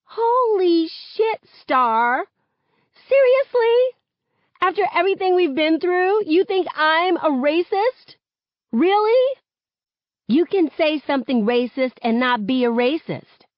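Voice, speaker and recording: Woman doing a high-pitched teenage girl, blunt, indignant, loud outbursts, dull recording. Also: very animated, takes it slowly, no room sound, heavily acted. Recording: dull, muffled audio.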